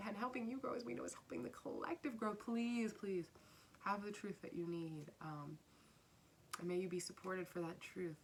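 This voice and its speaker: A woman's voice: medium pitch, moderate pace, vocal fry, a little hiss or hum. A woman giving a casual spiritual tarot reading, earnest and repeating her phrases, sometimes dropping to a whisper. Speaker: tarot reader.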